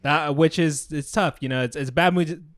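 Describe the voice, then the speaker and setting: A young adult woman co-hosting a casual podcast. She reacts quickly, jumps in often and jokes along. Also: low-pitched. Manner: reactive, quick to interject and joke. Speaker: podcast co-host. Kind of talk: casual chat.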